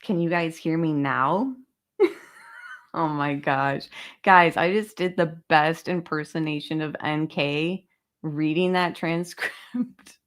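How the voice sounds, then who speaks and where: Woman host for a casual stream, slow and chatty, a little low-pitched, addresses viewers directly. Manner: chatty, talks straight to viewers, reads documents aloud. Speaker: true crime channel host. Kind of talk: casual livestream case discussion.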